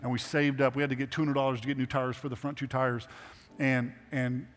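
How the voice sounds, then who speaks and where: A man's voice: mid-range voice, little pitch movement, a little fast. A middle-aged man preaching a sermon as pastor, talking conversationally and earnestly and building to emphatic exhortations. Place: church sanctuary. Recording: hall reverb with faint music.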